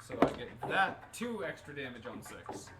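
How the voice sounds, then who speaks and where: A man's voice: mid-range voice, sing-song, normal speed, very noisy. A man playing a tabletop game, joking, swearing and correcting himself as he works out his damage. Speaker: player. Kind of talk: casual tabletop game chat. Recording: echoey room, distant mic.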